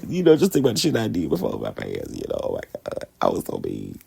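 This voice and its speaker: A man's voice: on the low side, wildly swooping pitch, very fast, vocal fry, warm tone, slightly rough. A man hosting a podcast, telling a personal story in a candid, profane way and laughing often. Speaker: podcast host.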